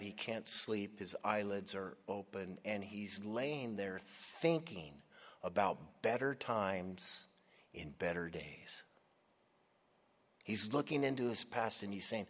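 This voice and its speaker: Male pastor, unhurried dramatic sermon delivery, long church reverb. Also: lowish voice, animated. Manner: dramatic, swings from hushed to loud. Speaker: preacher.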